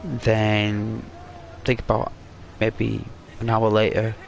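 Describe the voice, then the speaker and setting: A man casually telling a rambling, halting story while commenting on a video game. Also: lowish voice, creaky. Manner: rambling, halting, excitable when retelling. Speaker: gaming commentator. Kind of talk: casual storytelling over gameplay.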